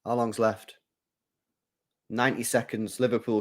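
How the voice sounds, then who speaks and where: A man hosting a live football watchalong, chatting casually, reading viewer comments and getting loud when play heats up. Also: mid-range voice, moderate pace. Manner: chatty, swings from mumbling to excited shouting. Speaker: live stream host.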